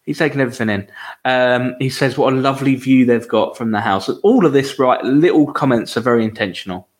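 A man's voice: mid-range voice, fairly quick. A man co-hosting a podcast, casually retelling a TV episode with lots of fillers and frequent laughs. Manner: chatty, laughs often, drifts through fillers while retelling scenes. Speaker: podcast co-host. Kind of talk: casual chat recapping a TV episode.

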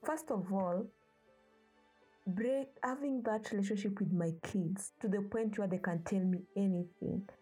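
A woman's voice: medium pitch, a little slow, warm tone, slightly rough, soft background music, low-quality recording. A young woman from Africa speaking earnestly and passionately about her views, pleading with parents. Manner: impassioned, pleading. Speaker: speaker sharing personal views. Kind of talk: earnest personal talk.

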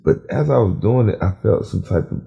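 A man hosting a podcast, telling a profane story in an animated, casual way. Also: on the low side, a little fast, vocal fry, muffled recording. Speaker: podcast host.

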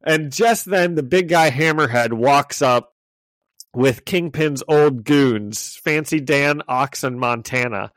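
A man's voice: on the high side, takes it slowly, a bit bright, dry recording. Man recapping comics with laughs, dry mic. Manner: chatty, laughing, frequent restarts. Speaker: podcast co-host recapping comics. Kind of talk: casual chat.

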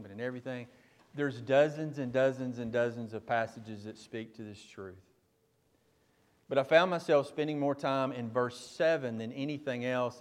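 A male pastor preaching a sermon, speaking directly to the congregation and building from quiet teaching to loud, emphatic preaching. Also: medium pitch.

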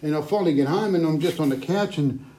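A man's voice: fairly high pitch, fast talker, warm tone. A man, co-hosting a show and telling a rambling story in casual chat. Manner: rambling storyteller, acts out quoted voices. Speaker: co-host.

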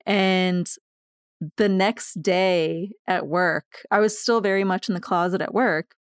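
A woman who is a podcast guest, telling personal stories candidly, animated and laughing between lines. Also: on the low side, takes it slowly, clear, resonant tone, no echo, studio quality. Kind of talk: candid conversational storytelling.

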